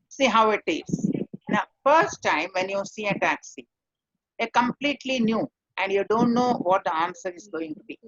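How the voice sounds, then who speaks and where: A woman teaching a spoken English class on intonation. She explains step by step and acts out short example lines with big swings in pitch. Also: a bit bright, no echo, muffled recording.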